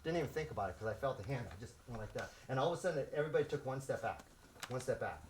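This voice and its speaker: A man in his sixties who grew up in Los Angeles, a martial arts instructor telling stories to his students and acting out the shouts, laughing often. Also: medium pitch, rapid-fire, slight background noise. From South Central Los Angeles. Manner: animated, acts out shouts and quotes, laughs often. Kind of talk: storytelling to students.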